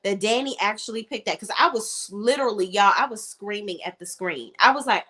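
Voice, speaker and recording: A woman's voice: medium pitch, fairly quick, husky. A woman giving a casual recap of a TV drama, retelling scenes dramatically and acting out the characters' lines as she goes. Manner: animated, dramatic retelling with lively quoted asides. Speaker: TV show reviewer.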